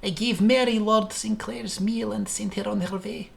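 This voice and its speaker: A blunt, grumpy old Russian babushka cook, put on by a man in a game. The voice sits high and comes out gravelly and fried. She brushes questions off with a heavy put-on Russian accent. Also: fairly even intonation, moderate pace. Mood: grumbly.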